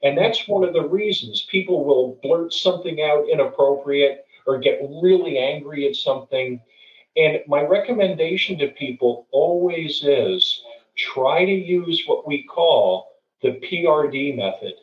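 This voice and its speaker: As a guest speaker, a middle-aged man with a slightly high voice shares a story and advice at an unhurried pace, earnest and conversational, often starting over and repeating words. Being far from the microphone makes him sound distant and echoey, and the audio is dull and lo-fi.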